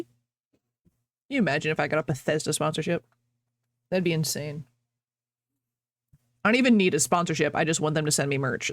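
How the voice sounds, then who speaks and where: A woman's voice: on the low side, lively intonation, a little fast, long pauses, no room sound. Chatty laughing woman streamer, dry close sound. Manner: rambling, laughs often, self-interrupting. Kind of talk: casual chat with stream viewers.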